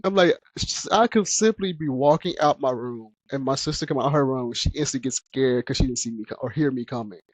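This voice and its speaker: A man's voice: medium pitch, brisk, hardly any pauses, no room sound. A man hosting a casual podcast chat who laughs often while telling stories. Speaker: podcast host.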